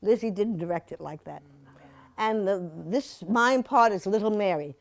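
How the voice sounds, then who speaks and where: A guest speaker in her seventies addresses a museum audience with a slide show, speaking at normal speed in a mid-range voice. Her talk is chatty and playful, filled with asides and laughter.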